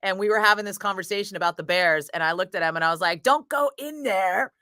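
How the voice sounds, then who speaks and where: Bright-voiced woman DJ, swearing storyteller. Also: on the low side, very fast, clean tone, dry recording. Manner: animated, laughing, swears freely. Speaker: radio DJ. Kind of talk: casual storytelling chat between on-air segments. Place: radio studio.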